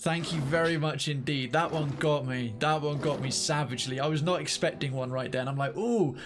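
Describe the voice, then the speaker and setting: A man streaming a video game live, chatting excitedly, often stammering and restarting his sentences, and quick to get startled. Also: on the high side, music in the background. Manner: jumpy, startled easily, exclaims. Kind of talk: live let's-play commentary.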